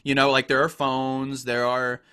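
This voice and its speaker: Bright-voiced man in eager casual chat. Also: medium pitch, monotone, measured pace, smooth. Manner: enthusiastic, rambling with many "like" fillers. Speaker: podcast co-host.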